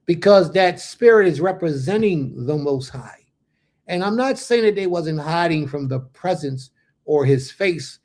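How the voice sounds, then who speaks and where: A man teaches scripture in a relaxed, conversational way and keeps addressing his listeners directly. His voice is gravelly with plenty of fry. It sits a little higher than most men's. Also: a little slow. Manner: conversational, talks to viewers directly; informal, slangy phrasing. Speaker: Bible teacher. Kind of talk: casual livestream Bible lesson.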